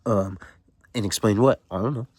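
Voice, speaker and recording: A man's voice: fairly low pitch, moderate pace, darkish tone, slightly rough, dry recording. A man hosting a casual read-along, reading from a novel and commenting in loose, slangy, rambling talk with many fillers. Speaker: host reading a novel aloud.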